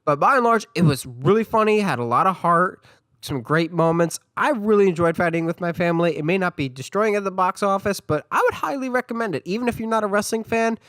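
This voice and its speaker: A man's voice: sits high, lively intonation, brisk, a bit bright, no room sound. A man with a congested voice, hosting a casual solo movie podcast and chatting with enthusiasm. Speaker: podcast host.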